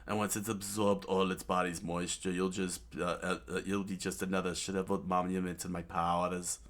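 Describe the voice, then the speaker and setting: A man's voice: low voice, level tone, normal speed, fairly bright tone. A man reading a comic aloud and voicing a smug, scornful adult male villain with a sneering, dismissive manner. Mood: gloating.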